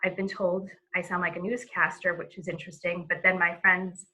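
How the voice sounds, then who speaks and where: A woman giving a relaxed webinar lesson on a video call, talking casually with many fillers and restarts. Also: lowish voice, fairly quick, rough recording. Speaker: presenter.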